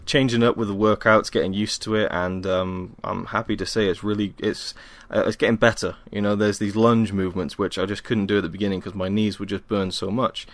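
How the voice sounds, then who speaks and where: A young Welsh man hosts a casual solo podcast from home, tired after a workout and rambling in a self-deprecating way with plenty of ums. His voice is lowish with little pitch movement, and he talks briskly with few pauses. There's no room sound.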